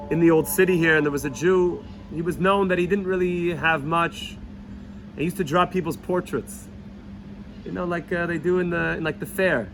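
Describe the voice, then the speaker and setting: A man gives a heartfelt Torah lesson as a storytelling rabbi, his voice sitting a little high. He repeats phrases for emphasis and drops in Yiddish words. Music runs clearly underneath. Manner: earnest, repetitive, sprinkles Yiddish and Hebrew words. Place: Jerusalem.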